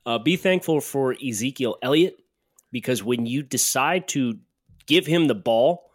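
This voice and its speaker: A man's voice: mid-range voice, lively intonation, measured pace, dry recording, studio quality. A man co-hosting a sports podcast, chatting casually and breaking into heated, jokey rants. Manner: ranting, jokey. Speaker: podcast co-host.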